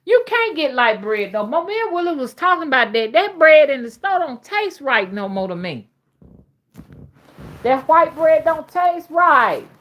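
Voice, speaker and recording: A woman's voice: high-pitched, sing-song, normal speed, hardly any pauses, dull audio. A woman from Alabama with an old-fashioned Southern accent, chatting casually on a livestream and reading viewers' comments in a folksy way. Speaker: livestream host.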